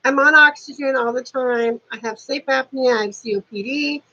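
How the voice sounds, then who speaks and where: A woman's voice: high voice, moderate pace, pushed and bright, lo-fi sound. A woman in her fifties chatting casually to camera at home, dropping dry sarcastic asides. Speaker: beauty vlogger. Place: warm apartment at home.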